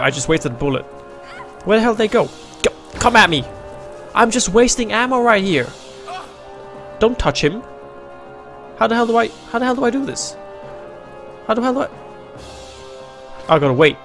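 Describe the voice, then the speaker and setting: A man with a gravelly, fry-laden voice narrates a let's play, often swearing and talking straight to the characters. His voice sits a little high for a man. Faint game music plays behind him. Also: normal speed, pauses often. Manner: excitable, profane, talks to characters. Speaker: gaming channel host.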